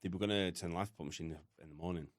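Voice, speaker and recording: A British man with a very low, deep voice recounts his past candidly, swearing freely as he talks. The sound is close and dry, with no room around it. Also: fairly even intonation, racing, dry recording. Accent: British English. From United Kingdom. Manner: blunt, heavy swearing, emotional retelling. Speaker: podcast guest. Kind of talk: candid storytelling.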